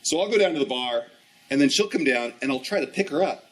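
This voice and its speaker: A man's voice: mid-range voice, animated, fast, distant mic, rough recording. A man in his fifties giving a training talk, telling a story animatedly and acting out the dialogue. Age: 50s. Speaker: ski instructor trainer. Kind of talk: storytelling presentation.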